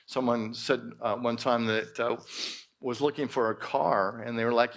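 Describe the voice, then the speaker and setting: A male minister preaching at a church service in an expressive way with playful exclamations. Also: mid-range voice, moderate pace. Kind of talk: sermon.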